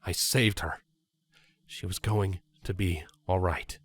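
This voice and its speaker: A man reading a fan fiction story aloud with an expressive, animated delivery. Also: low voice, takes it slowly. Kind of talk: dramatic story narration.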